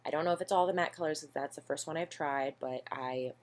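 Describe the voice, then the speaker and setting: A woman's voice: deep voice, fast talker. A young woman chatting casually through a makeup haul at home, rambling and self-deprecating with lots of ums. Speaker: beauty vlogger. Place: home, indoors.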